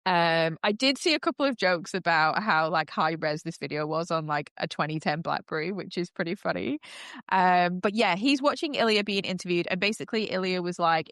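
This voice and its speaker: Woman podcast host, gushing casual recap, smooth voice, dry close sound. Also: lowish voice, fast, a bit bright, no echo. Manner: gushing, full of "like" and "um" fillers.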